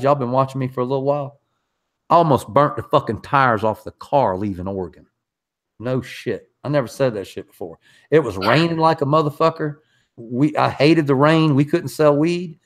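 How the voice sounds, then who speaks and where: A man's voice: mid-range voice, moderate pace. A middle-aged man hosts a live podcast in an ordinary mid-range voice. He rants and tells stories in a loose, profane way. He leans hard on every point he wants to land. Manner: profane, emphatic storyteller. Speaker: podcast host. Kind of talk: casual livestream rant.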